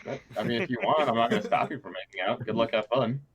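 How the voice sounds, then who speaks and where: A man narrating as game master of a tabletop game, often pausing with ums and uhs. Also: medium pitch, over a noisy crowd. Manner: hesitant, many ums and uhs.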